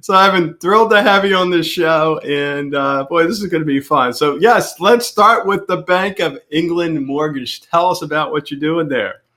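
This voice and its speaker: A man's voice: a little high, moderate pace, few pauses, sharp tone. A man hosting a local business podcast, chatting casually and upbeat with his guest. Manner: upbeat, chatty, laughs easily. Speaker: podcast host. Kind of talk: casual interview chat.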